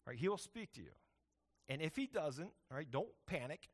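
A male pastor preaches in a loose, conversational way, with a voice pitched a bit high. He keeps checking in with his listeners as he goes. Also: very animated, normal speed. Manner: conversational, often adds "right?". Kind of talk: sermon.

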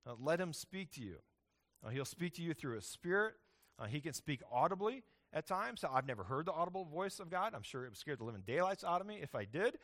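Conversational pastor with a higher-pitched voice. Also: male voice, sing-song, brisk, a bit bright. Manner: conversational, often adds "right?". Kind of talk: sermon.

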